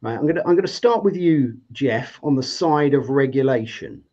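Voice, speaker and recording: A man's voice: medium pitch, lively intonation, normal speed, warm tone. A man hosting a live debate show, upbeat and chatty, with plenty of fillers and restarts. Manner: enthusiastic, lots of fillers and restarts. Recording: slightly dull lo-fi audio.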